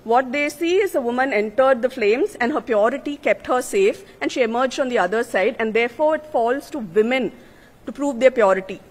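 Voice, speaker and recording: A woman's voice: a little high, lively intonation, fairly quick. A woman, an author giving an earnest, emphatic speech at a literary conference. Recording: long reverb of a large hall.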